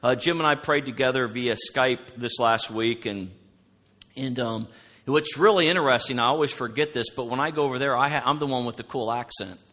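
A man preaching a sermon, loud and animated, telling stories from the pulpit. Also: medium pitch, a little fast. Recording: long hall reverb.

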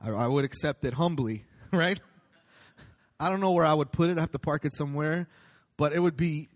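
A man's voice: fairly high pitch, moderate pace, pauses often. A man speaking at a church, giving a casual sermon in a conversational, storytelling way with many ums and restarts.

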